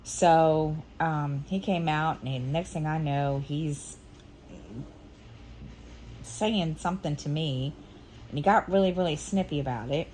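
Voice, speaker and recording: A woman's voice: low voice, unhurried, darkish tone, a little hiss or hum. A middle-aged woman chatting casually as a stitching vlogger, rambling and hesitant with many restarts. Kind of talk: casual chat.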